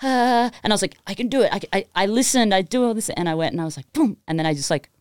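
A young Australian woman, a guest producer, chatting casually and telling animated stories full of "like". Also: fairly low pitch, very fast, clear, resonant tone, no echo, studio quality. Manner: animated storyteller, lots of "like". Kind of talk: casual chat.

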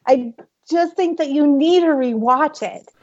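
A woman argues her picks on a casual podcast, lively and emphatic with an easy laugh. Her slightly high voice sounds dull and lo-fi through the call. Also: a little slow. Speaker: podcast panelist.

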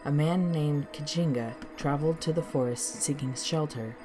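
A low-voiced woman tells a dark folk tale in a measured, deliberate way. Soft music plays faintly behind her narration. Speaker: storyteller and author. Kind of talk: storybook narration.

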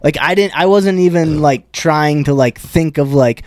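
A man's voice: on the high side, normal speed, a little mellow, dry recording, clean studio sound. A man, a stand-up comedian, telling a rambling, profane story in casual chat.

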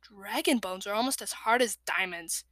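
A woman's voice: mid-range voice, normal speed, a bit bright, no echo, studio quality, natural voice. A woman voicing a stern, dismissive adult female dragon trainer who gives curt orders.

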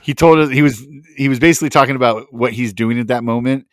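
A man co-hosting a podcast in casual chat, animated and quick to laugh, swearing freely. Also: medium pitch, no echo, studio quality. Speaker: podcast co-host.

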